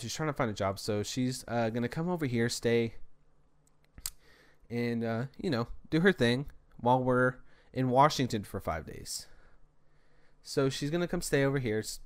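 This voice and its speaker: A young man tells a story on his podcast in a loose, rambling way, running sentences together without breathing. He sounds worn out. His voice sits in an ordinary middle pitch. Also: normal speed. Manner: rambling, long-winded, breathless. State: tired. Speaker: podcast host. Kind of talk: casual solo storytelling.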